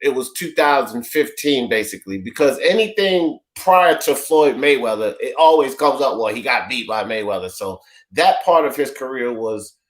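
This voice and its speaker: A man's voice: mid-range voice, animated, normal speed. A man hosts a casual sports talk panel in an ordinary mid-range voice. He rambles and circles back as he sums things up, then hands the floor to his guests by name. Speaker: host of a sports talk show.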